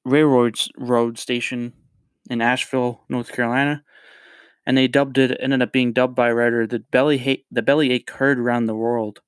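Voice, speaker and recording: Man smooth, dry-sounding podcast host. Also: medium pitch, flat delivery, normal speed, dry recording. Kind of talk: casual solo podcast talk.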